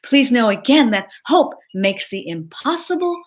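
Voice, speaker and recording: A middle-aged woman giving an earnest, emotional personal testimony, slowing down for emphasis. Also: fairly high pitch, very animated. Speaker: speaker sharing a personal story.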